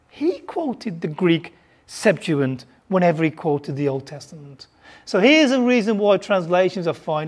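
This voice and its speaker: A preacher from Birmingham, England, with a softened Birmingham accent, delivering a sermon and putting questions to the congregation, often repeating words while thinking. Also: medium pitch. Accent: softened Birmingham English.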